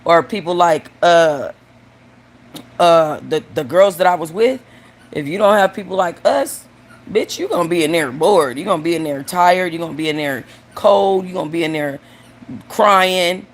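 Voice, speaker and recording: A woman's voice: lowish voice, normal speed. Blunt, joking woman telling stories. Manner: crude, joking and blunt, addresses the audience directly. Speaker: host. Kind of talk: casual storytelling and joke telling.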